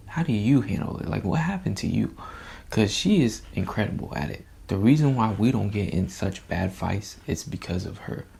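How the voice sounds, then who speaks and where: Gravelly, husky man rambling candidly. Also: lowish voice, darkish tone. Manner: candid, rambling, uses slang like "bro". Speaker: vlogger. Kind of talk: casual reflective monologue.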